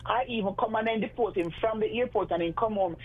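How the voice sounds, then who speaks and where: A woman's voice: mid-range voice, fast. A woman co-hosting a radio show, teasing the host in a mix of patois and English. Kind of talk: casual radio banter. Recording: tinny phone line, faint noise.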